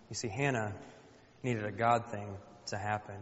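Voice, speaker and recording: A man's voice: fairly low pitch, fairly even intonation, moderate pace. A man preaching a sermon in a conversational way, often putting questions to his congregation. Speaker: pastor. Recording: dull sound with long hall reverb.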